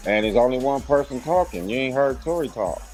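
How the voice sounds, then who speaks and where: A man's voice: mid-range voice, expressive, brisk, a little mellow, soft background music, poor audio. A man co-hosting a casual commentary show, giving his opinions bluntly in a slangy way.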